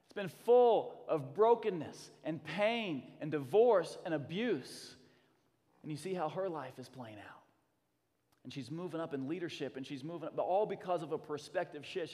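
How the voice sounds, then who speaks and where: A fairly high-voiced man in his thirties delivers a sermon from a church stage, with long reverb hanging in the sanctuary. He preaches with fervor, swinging from quiet, intimate passages to loud, emphatic bursts. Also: animated, moderate pace. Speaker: pastor.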